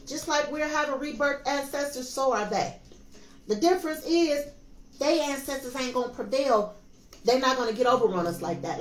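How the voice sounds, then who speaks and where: A woman's voice: high-pitched, reverberant, rough recording. A woman hosting a spiritual tarot reading, talking in an impassioned, preachy way and repeating phrases for emphasis. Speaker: tarot reader and show host.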